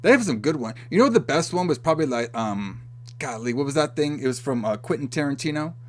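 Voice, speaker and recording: Animated man retelling a movie scene. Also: mid-range voice, fast. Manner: animated retelling, acting out characters' lines, swearing and laughing. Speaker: podcast co-host. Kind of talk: casual movie recap chat.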